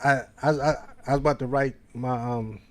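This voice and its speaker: A man's voice: medium pitch, steady tone, normal speed, a little mellow. A man with a Baltimore accent hosting a podcast, telling a long, rambling story in casual slang. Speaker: podcast host.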